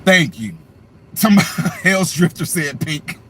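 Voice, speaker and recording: Mocking and animated, this man hosts a political livestream, reading out comments and jeering at trolls in casual commentary. His fairly high voice moves at a measured pace with a breathy edge.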